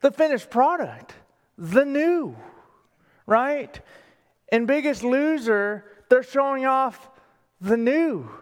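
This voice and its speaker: A man preaching a sermon as pastor, speaking deliberately and with emphasis, asking the congregation questions in a church sanctuary. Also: extremely high pitch, lively intonation. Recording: long reverb of a large hall.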